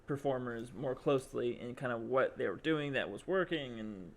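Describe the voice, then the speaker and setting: In a casual podcast chat, the young co-host delivers a long, meandering tale full of fillers and acted-out lines. His voice is mid-range and he talks at a normal speed.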